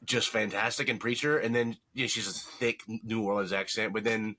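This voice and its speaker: Bright-voiced rambling male podcast host. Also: lowish voice, steady tone, moderate pace. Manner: rambling, self-correcting, jokey. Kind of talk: casual movie review chat.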